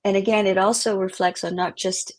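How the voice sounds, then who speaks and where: A woman's voice: mid-range voice, steady tone, brisk. A middle-aged woman, a guest, telling a personal story with feeling and acting out the voices in it. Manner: emotional, vivid storyteller who acts out quotes.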